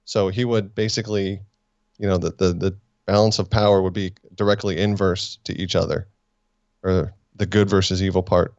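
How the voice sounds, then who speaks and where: A man's voice: low voice, little pitch movement, normal speed, a little mellow, no room sound. A man co-hosting a casual review podcast, rambling, teasing and spinning theories as he talks. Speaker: podcast co-host. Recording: dull lo-fi sound.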